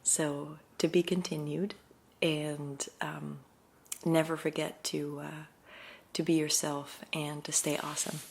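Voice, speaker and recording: Chatting in a relaxed vlog, this ASMR video maker rushes along excitedly with lots of fillers, occasionally dropping into soft whispers. Her low voice sounds gravelly with a breathy edge.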